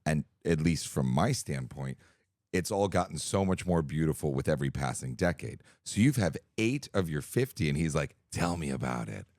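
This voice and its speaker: Very deep, dark-voiced teasing man. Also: animated, no echo, clean studio sound. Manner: quick teasing banter, reflective asides. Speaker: podcast co-host. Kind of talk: casual chat.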